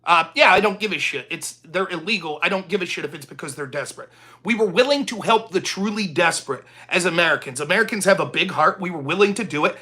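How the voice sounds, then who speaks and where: A male talk show host rants alone into the mic in an angry, confrontational way. He curses freely and keeps turning on his listener. His voice stays bright and sharp the whole way through. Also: high voice, quick pace, husky. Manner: talks straight at the listener. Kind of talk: solo ranting commentary.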